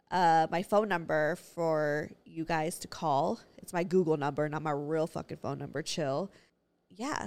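Young woman, podcast host, casual chat, excitable, swears a lot. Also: fairly low pitch, clear, resonant tone. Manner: loud, excitable, swears freely.

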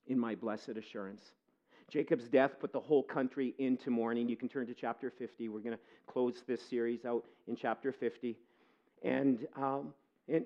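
A man preaching a sermon as pastor, earnest, moving between quiet reflection and impassioned pleading. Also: on the high side, highs cut off.

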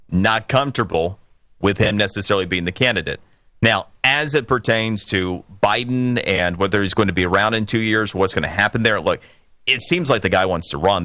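A man hosting a political call-in radio show, opinionated and emphatic, building to forceful peaks. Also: low voice, no echo, clean studio sound. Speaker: radio talk show host.

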